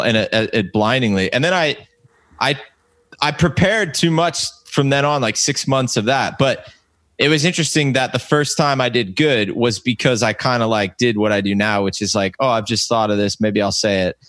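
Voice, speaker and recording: A man's voice: mid-range voice, fairly bright tone, no room sound. A man in his thirties, a comedian, telling stories in a casual chat, rambling and stopping himself with many fillers. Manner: rambling, self-interrupting anecdotes with many fillers. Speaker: comedian guest.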